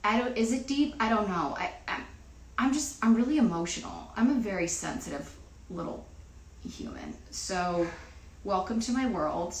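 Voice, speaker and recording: A woman's voice: mid-range voice, expressive, normal speed. Rambling woman in a roomy space. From New Jersey. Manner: rambling, filler-heavy, swears freely. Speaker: singer. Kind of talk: casual chat on a livestream.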